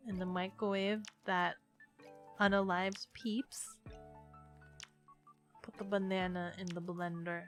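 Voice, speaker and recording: A young woman chatting playfully on a livestream, excitable and quick to burst into laughing shouts. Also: on the low side. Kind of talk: casual stream chat. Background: faint music.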